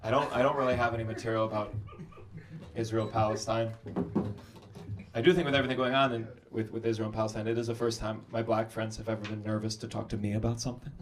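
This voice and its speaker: A man's voice: fairly low pitch, flat delivery, fast talker. A man in his thirties doing stand-up crowd work on a club stage, brash and profane as he teases the audience. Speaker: stand-up comedian. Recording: noisy live club recording.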